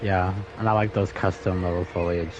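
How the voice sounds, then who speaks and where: A man co-hosting a casual live stream, speaking in a relaxed, hesitant way with plenty of fillers. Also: deep voice, a little fast, muffled recording, background noise. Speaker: co-host.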